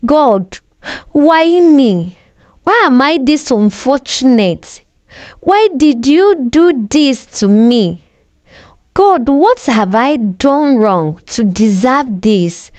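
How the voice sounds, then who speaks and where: A woman's voice: high voice, expressive, extremely slow, darkish tone, dry recording, heavily acted. A woman voicing a young woman who is a bitter abandoned daughter, tearful and furious. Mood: anguished.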